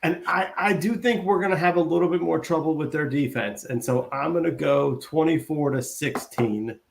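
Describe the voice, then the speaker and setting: Gravelly man on a podcast. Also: on the high side, normal speed. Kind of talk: casual sports podcast chat.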